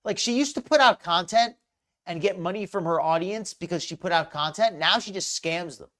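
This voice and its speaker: A woman's voice: lowish voice, moderate pace, a bit bright. A woman hosting a live reaction stream, ranting with anger and sarcasm. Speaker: host.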